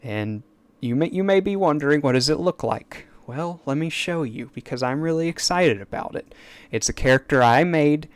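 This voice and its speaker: A man's voice: a little high, lively intonation, normal speed, smooth, no echo. A man chatting on a casual live stream at his desk mic, rambling and eager, with stammered restarts and asides. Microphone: desk microphone.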